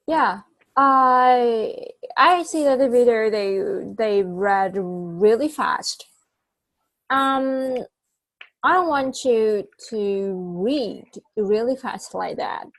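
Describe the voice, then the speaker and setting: A woman's voice: a little high, drawn-out words, a bit bright, no echo, rough recording. A woman giving a one-on-one English lesson over a video call, patient, stopping to explain words and correct pronunciation. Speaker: English tutor.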